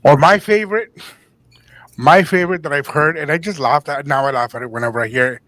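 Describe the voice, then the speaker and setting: A man's voice: on the high side, fairly quick, a bit bright, no echo. A man co-hosting a casual podcast conversation, joking and acting out both sides of everyday arguments.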